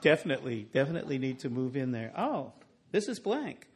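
A man's voice: mid-range voice, sing-song, fairly quick, noisy background. A man moderating a talk, keeping things moving and opening up to audience questions. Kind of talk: hosting a talk.

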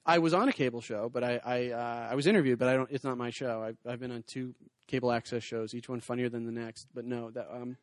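Fast-talking male stand-up comedian. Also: medium pitch, fairly even intonation, no echo, studio quality. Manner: rambling, self-deprecating, quick asides to the audience. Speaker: comedian and cartoonist. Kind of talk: stand-up comedy with crowd work. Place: small hot venue with a spotlight.

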